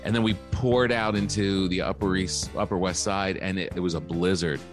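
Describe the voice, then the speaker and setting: A man's voice: sits low, fairly even intonation, normal speed, over music. A man, a comedian guest, telling loose stories in casual podcast chat, laughing often and saying "like" a lot.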